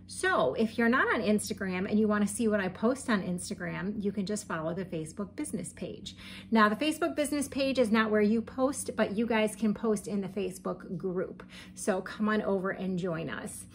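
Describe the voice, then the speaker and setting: A woman's voice: mid-range voice, fairly bright tone, a little hiss or hum. A woman talking casually to camera from her home, chatty and gushing, with frequent ums and light laughs. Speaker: crochet vlogger. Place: home room with setting sun through the window.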